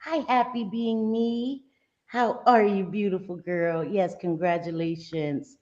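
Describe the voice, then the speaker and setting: A woman hosting a casual livestream, talking at a mid pitch. She greets viewers by name as she goes and laughs easily. The sound is dull and lo-fi. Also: steady tone, takes it slowly, darkish tone. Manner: chatty, reads chat names aloud, laughs easily. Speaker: livestream host.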